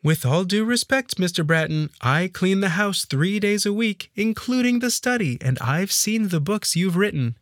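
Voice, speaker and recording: A polite, worried house maid, as a male narrator puts her on, lifting into a high, careful voice. She stays deferential and keeps calling him sir. The audiobook sound is dry and close. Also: expressive, moderate pace, few pauses, no echo. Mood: earnest. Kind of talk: audiobook character voice.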